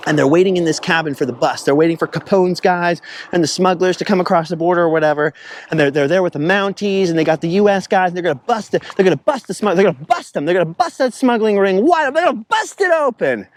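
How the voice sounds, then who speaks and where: A man telling a rambling road-trip story in a casual vlog, animated and chatty, slipping into quotes and impressions along the way. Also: high-pitched, fast talker. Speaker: travel vlogger. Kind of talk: casual storytelling while driving.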